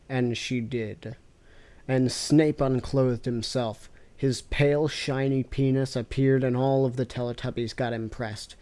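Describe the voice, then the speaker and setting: A woman reading weird fanfiction aloud with deadpan, sarcastic asides. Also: extremely low pitch, unhurried. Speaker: fanfiction reader. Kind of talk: comic reading with reactions.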